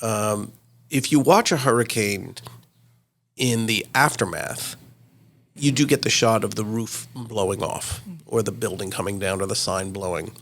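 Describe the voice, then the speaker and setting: Casting: gravelly sixties man, retired reporter, animated storyteller with plenty of "you know" and "uh". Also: lowish voice, measured pace. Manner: lively anecdotal storyteller, frequent fillers. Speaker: retired TV news correspondent, guest. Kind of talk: interview storytelling.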